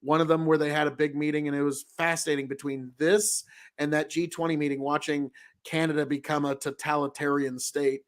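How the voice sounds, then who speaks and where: Higher-voiced man bantering on a podcast. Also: flat delivery, a little fast. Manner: rambling, profane, laughing. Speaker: podcast co-host. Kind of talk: casual banter. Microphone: livestream podcast mic.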